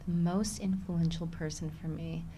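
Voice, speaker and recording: A woman with a Chicago accent chats openly as an interview guest. Her voice sits on the low side, and she laughs easily between thoughts. She speaks in a relaxed, candid way. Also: normal speed, a little hiss or hum. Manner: chatty and candid, laughs often. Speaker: actress, podcast guest. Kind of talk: casual interview chat.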